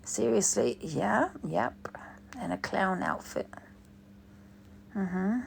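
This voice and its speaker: A woman's voice: medium pitch, takes it slowly, gravelly, slight background noise. A woman hosting a livestream in rambling, sweary casual chat. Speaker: livestream host.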